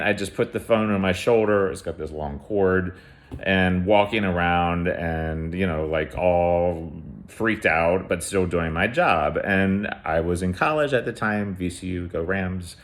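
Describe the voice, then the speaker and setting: A middle-aged man telling a personal story in a casual, animated way, acting out the quotes. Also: low-pitched.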